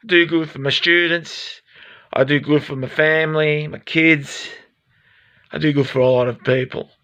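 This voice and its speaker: A man's voice: a little high, steady tone, normal speed, pushed and bright. A man with an Australian accent rambling frankly and swearing freely in a self-recorded vlog. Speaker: vlogger.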